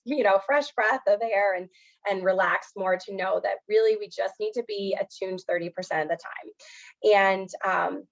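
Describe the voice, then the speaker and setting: A woman's voice: mid-range voice, dull audio. A woman counselor giving an educational presentation, speaking earnestly, with frequent fillers such as "um" and "you know".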